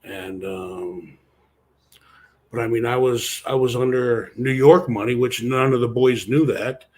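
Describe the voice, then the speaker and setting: A man's voice: medium pitch, a little slow, a little mellow, a little hiss or hum. A former wrestler talks through his career in a casual interview. He rambles from one story to the next and swears constantly.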